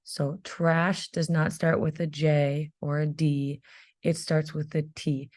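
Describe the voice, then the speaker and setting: A woman's voice: low-pitched, level tone, slow, darkish tone, dry recording. A woman teaching a phonics spelling lesson to young children, patiently sounding out words letter by letter.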